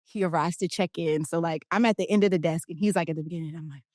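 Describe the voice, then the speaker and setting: A woman from Philadelphia, a guest telling an animated story in a casual interview and acting out the quotes. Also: on the low side, fast, dry recording, clean studio sound. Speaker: guest, basketball players' union director.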